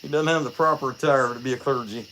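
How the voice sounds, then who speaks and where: A fast-talking man with a mid-range voice comes through with slight background noise. As a chainsaw carver hosting his carving livestream, he chats casually and rambles, joking a lot, using many fillers, and telling stories in a lively way.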